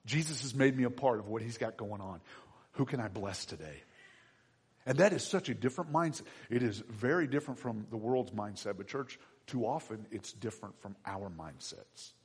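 A man preaching a sermon as pastor, animated, swinging between loud emphatic lines and quiet asides, acting out everyday voices as he goes. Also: mid-range voice, fairly quick, hardly any pauses. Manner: acts out everyday voices in quotes. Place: church sanctuary. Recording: husky voice in a reverberant hall.

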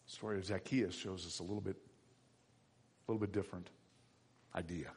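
A man preaching a sermon as pastor, animated, swinging between loud emphatic lines and quiet asides, acting out everyday voices as he goes. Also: low-pitched, moderate pace. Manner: acts out everyday voices in quotes. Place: church sanctuary. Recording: husky voice in a reverberant hall.

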